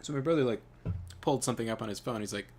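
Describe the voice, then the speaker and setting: A man's voice: mid-range voice, rapid-fire, darkish tone. Rambling man telling stories while gaming. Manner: rambling, many fillers, laughs often. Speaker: gaming channel host. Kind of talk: casual storytelling while playing a game.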